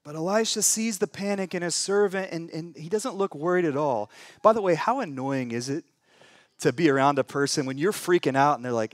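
A man preaching a sermon in a church, telling a scripture story with humorous asides and big swings between loud and hushed delivery. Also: lively intonation, fairly quick, no echo, clean studio sound. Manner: dramatic storytelling with wide swings in pitch and volume. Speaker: pastor.

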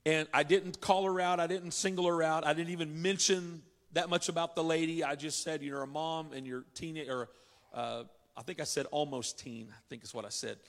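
A man's voice: on the high side, fairly even intonation, moderate pace. A man preaching a sermon, telling a personal story in a conversational, storytelling way. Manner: storytelling, conversational with southern "y'all". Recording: long hall reverb.

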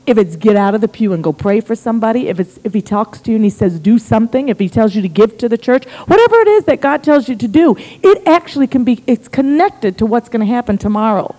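A middle-aged American woman preaches by telling a story, chatty and funny in her delivery. Her voice sits fairly high. The sound carries the long reverb of a church sanctuary. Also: quick pace, hardly any pauses. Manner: animated, humorous, conversational. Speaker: missionary guest speaker. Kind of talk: storytelling sermon.

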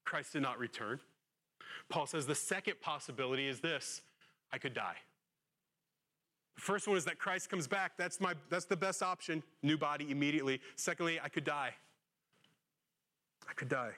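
A man gives a sermon to his congregation in an earnest preaching style. His voice sits a little high for a man. He builds up to loud, lively rhetorical questions, then sinks low and soft for the solemn moments. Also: moderate pace, pauses often. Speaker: pastor.

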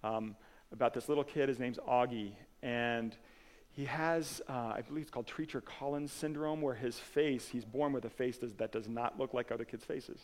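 A man's voice: mid-range voice, steady tone, normal speed. A man preaching a sermon as pastor, earnest and conversational, with casual asides and restarts. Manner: earnest, swings from emphatic to soft and quiet.

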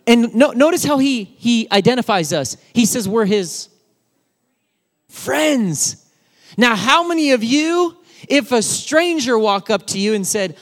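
Man, children's sermon, very high voice, animated and emphatic, speaks right to kids. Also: measured pace, long pauses. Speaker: children's pastor.

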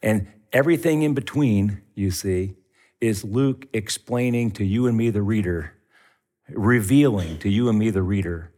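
A man's voice: fairly low pitch, normal speed, mellow. A middle-aged man preaching a sermon as pastor, telling the story with animation and acting out the voices in it.

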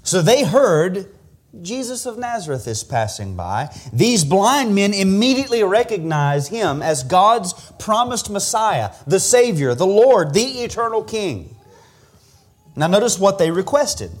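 Earnest higher-voiced male preacher. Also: lively intonation, measured pace. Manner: earnest, repeats words when restarting. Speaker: pastor. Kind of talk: expository sermon.

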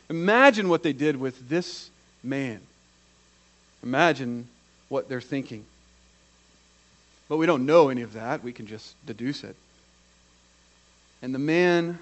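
A man preaching a sermon, acting out quoted voices and swinging from hushed to loud. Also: fairly high pitch, animated, moderate pace. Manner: dramatic, acts out the quoted voices.

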